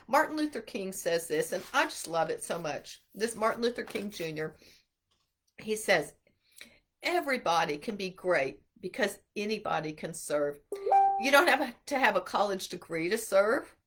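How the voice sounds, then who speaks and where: A middle-aged woman giving an earnest, animated inspirational talk to mothers about homeschooling. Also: mid-range voice. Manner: animated, earnest, acts out quotes. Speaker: homeschool speaker.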